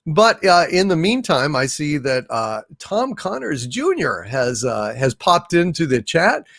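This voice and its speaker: Guy hosting a livestream, slow and halting, lots of uhs, dry close mic. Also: a little high, very animated, fairly bright tone, no room sound. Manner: slow, halting, with many fillers; sings slowly. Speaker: live stream host. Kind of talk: casual live stream chat, reading super chats.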